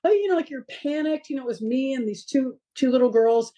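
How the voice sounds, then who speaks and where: A woman guest, a parent of three, talking in a casual interview as an animated storyteller who fills her talk with fillers and laughs. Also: sits high, fairly quick, poor audio.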